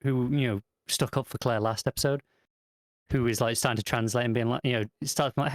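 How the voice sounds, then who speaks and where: A man's voice: medium pitch, steady tone, a little fast, no room sound, clean studio sound. A man co-hosting a casual TV review chat, chiming in with wry, teasing remarks. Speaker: TV review co-host.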